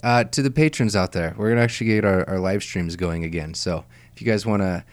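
A man's voice: deep voice, fast talker, dry recording. Jokey upbeat podcast cohost guy, dry close sound. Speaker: podcast co-host. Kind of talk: casual chat.

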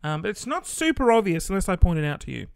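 A man's voice: high-pitched, very animated, fast, gravelly, clear, resonant tone, no room sound. Brief: Australian man, casual monologue host, loose and sweary, dry recording. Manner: chatty and rambling, swears casually, many fillers.

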